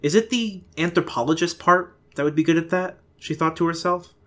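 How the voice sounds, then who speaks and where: A man who is a comedian and actor, reading a short story aloud with lively narration as a podcast guest. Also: on the high side, brisk.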